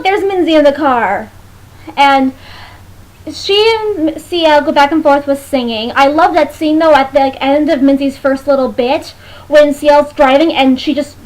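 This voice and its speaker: A young woman in a casual vlog, reviewing a music video with a chatty, playful manner and animated asides. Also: sits high, low-quality recording.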